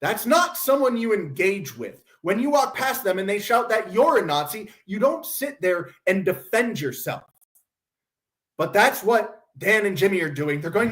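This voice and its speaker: High-voiced man ranting sarcastically. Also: sing-song, moderate pace, a bit bright. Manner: sarcastic, mocking ranting with mimicked quotes. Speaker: podcast host. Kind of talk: casual commentary stream.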